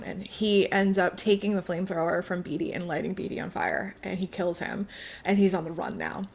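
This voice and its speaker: A woman's voice: fairly even intonation, normal speed. Chatty woman podcast co-host. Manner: chatty, swearing, acts out characters' lines with big jumps in pitch. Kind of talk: casual chat, retelling a book plot.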